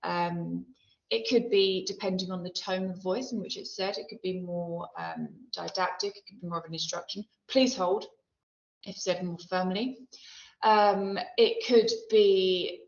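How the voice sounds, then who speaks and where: A woman English literature teacher talking through a poem in a recorded lesson, thoughtful and explanatory, with many pauses and ums. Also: on the low side, vocal fry. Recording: roomy, dull lo-fi sound.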